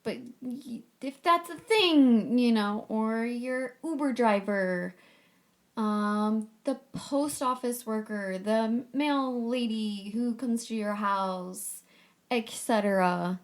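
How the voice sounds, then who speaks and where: A woman's voice: fairly high pitch, takes it slowly. A woman hosting a casual solo podcast, talking in a chatty, upbeat and playful way with casual swearing. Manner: playful, breezy. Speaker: podcast host.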